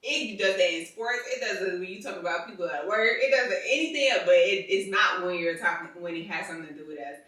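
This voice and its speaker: A woman co-hosting a casual chat with her husband, talking animatedly in slang and getting louder as she gets into a topic. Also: on the low side, fast, hardly any pauses, heavy reverb, recorded from a distance, low-quality recording. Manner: animated, slangy, gets loud when passionate. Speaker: podcast co-host.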